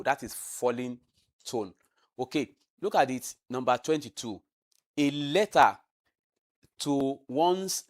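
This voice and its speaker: A man teaching an exam revision lesson, explaining slowly, repeating key terms and stretching words for emphasis. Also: medium pitch.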